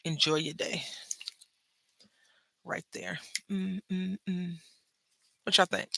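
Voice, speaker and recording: A craft channel host works at his table, chatting playfully to viewers and telling gossipy stories in a casual crafting chat. His voice sits high, gravelly, bright and forceful, with fairly even intonation and a slow pace. The recording is dry.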